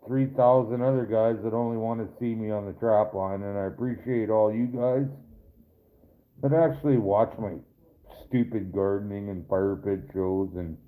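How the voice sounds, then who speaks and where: A man's voice: fairly low pitch, steady tone, normal speed. A man hosting a live stream, chatting casually with viewers, rambling and swearing as he answers their comments. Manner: rambling, profane, talks straight to viewers. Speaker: livestream host reading viewer chat. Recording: tinny phone-like sound.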